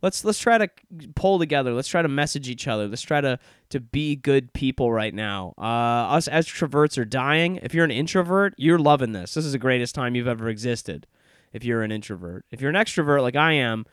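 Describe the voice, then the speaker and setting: Young man, podcast host, rambling, sardonic, smooth resonant voice, dry close mic. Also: mid-range voice, lively intonation, brisk, no echo. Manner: rambling, self-deprecating and sardonic. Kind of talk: casual podcast intro monologue. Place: office in Chicago.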